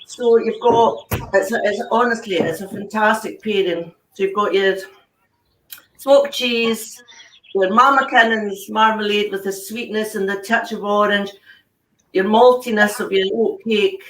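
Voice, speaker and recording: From home on a video call, a woman hosts an online whisky dinner as a casual tasting demonstration. Her mid-range voice is unhurried and a bit bright. She's chatty, laughs often, and trails off mid-sentence, while the echoey room and distant mic add faint noise.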